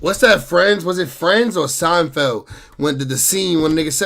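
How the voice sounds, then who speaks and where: A man's voice: mid-range voice, expressive, fast, a bit bright. A man joking loosely as he reacts to a clip and talks to his chat. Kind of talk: casual reaction commentary.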